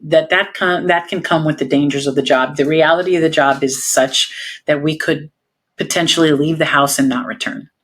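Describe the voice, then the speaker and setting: A woman's voice: deep voice, fairly bright tone. A woman police officer, a guest in an interview, telling her stories in a candid and emphatic way and laughing often.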